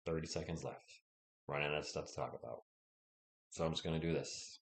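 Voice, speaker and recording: A bass voice, creaky and brisk, fills a roomy space as a young man hosts live play-by-play. He sounds sick with a sore throat, so he keeps things quiet instead of yelling. He chats casually and responds to his viewers.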